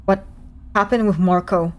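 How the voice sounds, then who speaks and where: A woman's voice: medium pitch, fairly even intonation, normal speed, close to an everyday voice. A woman voicing a concerned male spacefarer with a scarred arm in a video game, reading his lines plainly.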